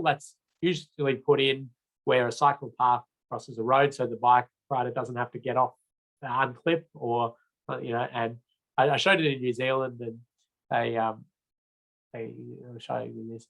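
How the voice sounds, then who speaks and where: A man's voice: mid-range voice, fairly even intonation, normal speed, fairly bright tone, rough recording. Chatty Australian man giving a lecture. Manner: casual, chatty, with frequent fillers and restarts. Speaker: road safety trainer. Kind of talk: recorded training lecture.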